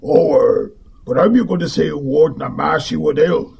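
Gravel-voiced yokel animal for an audiobook; husky, folksy talk. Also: male voice, on the high side, moderate pace, muffled recording, voice pushed up, heavily acted. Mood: gruff. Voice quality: gravelly, broad country dialect. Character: gruff rustic male woodland creature.

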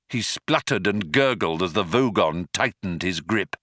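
A man narrating a comic story in a dry, measured storytelling manner. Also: deep voice, expressive, pushed and bright, no echo. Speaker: audiobook narrator. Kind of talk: scripted narration.

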